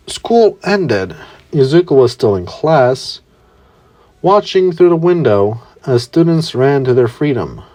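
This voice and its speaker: Slow-reading male fan fiction narrator. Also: medium pitch. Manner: steady storytelling with many "he would say" tags.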